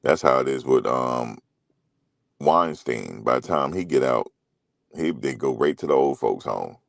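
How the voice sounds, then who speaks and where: A man's voice: extremely low pitch, animated, a little slow, gravelly, no echo. Man, middle-aged, rambling slangy commentary, dry close sound. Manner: loose, rambling storytelling with slang and profanity. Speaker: commentary show host. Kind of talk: casual commentary chat.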